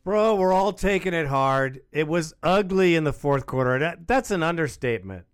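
A man's voice: fairly high pitch, expressive, moderate pace, clean tone, dry recording, studio quality. A man hosting a fan call-in show, talking casually and calling the callers bro. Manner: casual, laid-back, calls callers bro. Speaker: radio show host.

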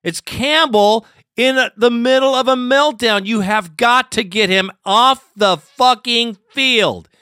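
A man's voice: extremely high pitch, slow pace, bright, forceful tone, clear, resonant tone, no room sound, clean studio sound. A man hosting a sports fan podcast, ranting angrily and profanely after a lost game. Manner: profane and furious, swearing constantly. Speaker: podcast host. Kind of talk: angry postgame rant.

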